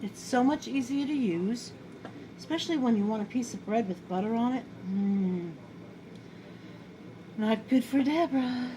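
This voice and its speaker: Speaking at a measured pace with long pauses, this home cook vlogger has a rather high voice and a New York accent. She's middle-aged and rambles chattily about her cooking, poking fun at herself, in a home video where background noise is clearly audible.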